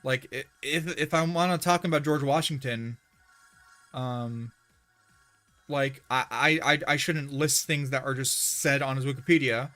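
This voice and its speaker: A man streaming a video game live, chatting casually in a rambling, excitable way with frequent restarts. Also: mid-range voice, a little slow, soft background music. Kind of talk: casual livestream chat while gaming.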